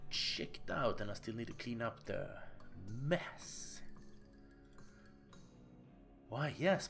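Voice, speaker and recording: A man's voice: mid-range voice, gravelly. A Swedish-speaking man voicing a creepy, grinning male innkeeper from a butcher family, with a lisp and a sinister, half-whispered manner.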